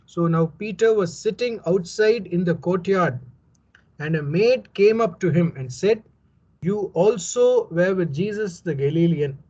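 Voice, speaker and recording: A man's voice: sits high, lively intonation, unhurried, a little mellow. A man teaching a Bible study, explaining step by step, repeating his points and adding conversational asides. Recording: dull lo-fi recording.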